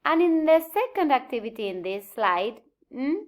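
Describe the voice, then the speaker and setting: A woman teaching English word stress in a recorded lecture, speaking deliberately, drawing out example words and checking in with a questioning "mm?". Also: high-pitched, sing-song. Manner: slow, deliberate, tags points with a questioning "mm?".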